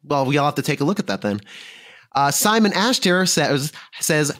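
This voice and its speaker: A man's voice: fairly high pitch, moderate pace, no echo, clean studio sound. A man from northern New Jersey hosting a gaming podcast with casual, jokey chat. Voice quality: animated, jokey. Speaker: podcast host.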